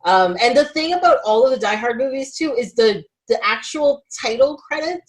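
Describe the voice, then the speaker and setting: A woman hosting a podcast, talking in a casual, animated way with lots of filler words. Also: high-pitched, normal speed, poor audio. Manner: animated, chatty, many "like" fillers. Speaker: podcast host. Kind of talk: casual chat.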